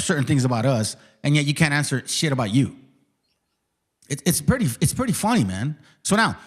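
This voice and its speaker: A man hosting a live online debate, combative and profane, who interrupts constantly and repeats himself. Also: on the high side. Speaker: host of a live debate stream.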